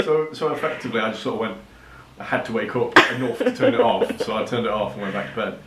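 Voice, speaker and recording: A man's voice: mid-range voice, big pitch swings, fairly quick, roomy sound, crowd noise. A young man from Cheshire chatting on a vlog, rambling through an anecdote and laughing as he goes. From Cheshire, England. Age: young adult. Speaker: vlogger. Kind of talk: casual chat.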